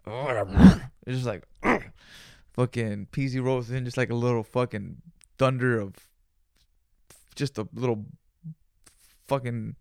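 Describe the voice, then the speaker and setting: Gravelly man telling a slangy story. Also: mid-range voice, measured pace, long pauses, dry recording, studio quality. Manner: animated, profane and slangy, sprinkling in Spanish words. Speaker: podcast host. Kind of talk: casual storytelling monologue.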